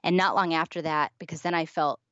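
A woman with a deep, low voice shares a painful personal story as a guest. She tells it earnestly and acts out the dialogue. The sound is dry and a little muffled. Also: a little fast, fairly bright tone, no room sound. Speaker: guest author. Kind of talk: personal testimony in an interview.

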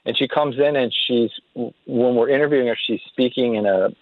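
A man telling a story as an interview guest, halting and restarting often. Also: medium pitch, no echo. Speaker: guest recounting recruitment interviews. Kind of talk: anecdotal storytelling. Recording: tinny phone-line sound, dry.

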